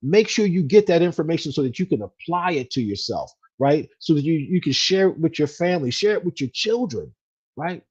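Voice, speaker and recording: A man's voice: on the high side, very animated, a little fast, darkish tone, slightly rough, muffled recording. Upbeat man hosting, tagging "right?". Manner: repetitive, says "right?" often, many fillers. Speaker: podcast host, financial specialist. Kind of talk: casual motivational monologue.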